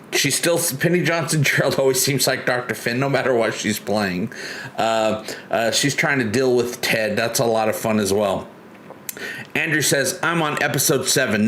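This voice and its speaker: Over a faint hiss or hum, a man with a fairly bright, mid-range voice hosts a casual live stream. He's chatty and loose, wandering from topic to topic and reading out comments from his viewers.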